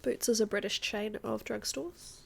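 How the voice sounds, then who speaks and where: Gravelly-voiced woman musing aloud. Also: mid-range voice, fairly even intonation, moderate pace, a little mellow. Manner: thinks aloud, wondering and guessing to viewers. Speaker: streamer playing a geography guessing game. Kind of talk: live-stream gameplay chat.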